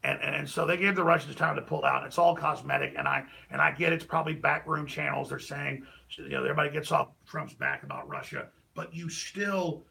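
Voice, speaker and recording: With lively intonation and a slightly fast pace, a creaky-voiced middle-aged talk show host rants heatedly about politics. He moves between loud outbursts and low mutters.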